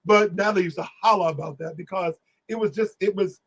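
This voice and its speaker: An animated man tells stories on a live stream, sometimes singing and sometimes playing the people he quotes. His voice sits high and has a husky edge. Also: fast talker, low-quality recording. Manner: animated, exclamatory, sings lyrics and acts out voices. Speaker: guest. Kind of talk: casual storytelling on a live stream.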